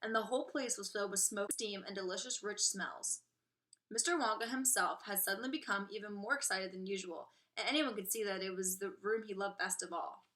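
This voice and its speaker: A woman teacher reading a children's novel aloud to her class with expressive, clear storytelling. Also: mid-range voice, a little fast. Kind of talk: storybook read-aloud narration.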